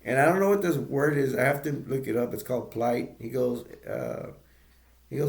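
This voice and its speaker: A man recapping a film in a loose, rambling way, stopping often to restart his sentences. His voice sits mid-range in pitch and has a gravelly fry. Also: animated, normal speed, roomy sound. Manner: rambling, with many restarts and chuckles. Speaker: movie reviewer. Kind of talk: casual plot retelling.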